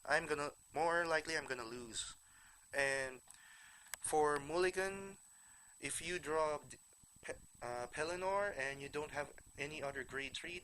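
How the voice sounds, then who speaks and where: Nasal man, bright tone, hesitant casual deck walkthrough for a video channel. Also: a little high, a little hiss or hum, low-quality recording. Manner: halting, restarts words often. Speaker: card game vlogger.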